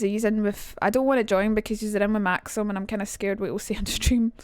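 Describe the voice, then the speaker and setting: Young woman, streamer, casual, chatty, swears now and then, highish voice, dry sound. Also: fairly bright tone, no room sound. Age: young adult. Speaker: streamer teaching accents. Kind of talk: casual live-stream chat.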